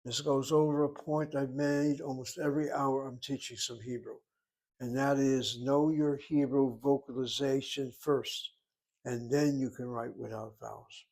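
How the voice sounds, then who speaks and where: A man's voice: medium pitch, steady tone, unhurried, darkish tone. A man teaching a Hebrew class, explaining words and grammar step by step. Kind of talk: classroom lecture.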